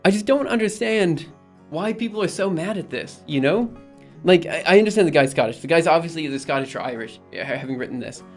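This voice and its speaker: A man's voice: on the high side, animated, brisk, soft background music. A young man rambling in casual live-stream chat, reading messages aloud and repeatedly insisting things are fine. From United States. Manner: rambling, reads chat aloud, exasperated but reassuring.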